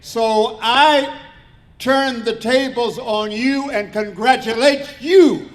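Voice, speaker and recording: A man's voice: very high voice, slow. An older man giving a formal award acceptance speech with a churchly, preacher-like cadence. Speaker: award recipient.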